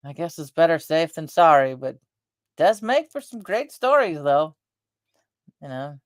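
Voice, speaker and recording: Middle-aged woman, low voice, rambling animated storyteller, casual chat, dry room. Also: measured pace, no room sound. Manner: rambling, animated, talks with her face. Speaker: vlogger.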